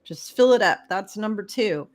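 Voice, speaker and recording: A middle-aged woman, appearing as a spiritual guest, offers casual spiritual advice directly to the listener. Her medium-pitched voice is animated and moves at a moderate pace, with an emphatic, preachy delivery.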